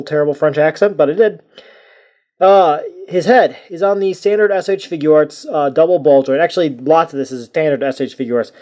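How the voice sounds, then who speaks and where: A man's voice: fairly high pitch, mellow. Rambling, jokey male toy reviewer. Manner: rambling, jokey and self-mocking.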